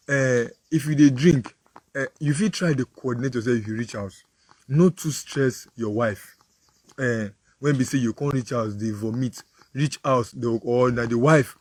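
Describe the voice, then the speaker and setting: A man's voice: medium pitch, no echo. A man with a Nigerian accent, a preacher giving a moral talk full of vivid, repetitive storytelling.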